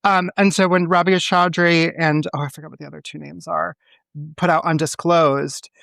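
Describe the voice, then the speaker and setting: A man with a high voice co-hosts a casual podcast chat. He talks with animated energy, swears freely and doubles up his words for emphasis. The sound is close and dry. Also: moderate pace, vocal fry, dry recording. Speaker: podcast co-host; teacher.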